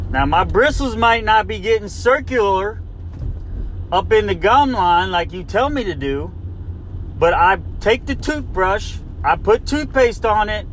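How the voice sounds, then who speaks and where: A podcast host with a high, fairly bright voice rants comically from a car, his delivery rambling, exasperated, and packed with "like" and false starts. There's a faint hiss or hum on the recording.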